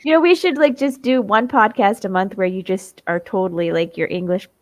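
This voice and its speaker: A woman co-hosting a casual podcast chat, agreeable and quick with short replies. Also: medium pitch, dry recording. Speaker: podcast co-host and class teacher.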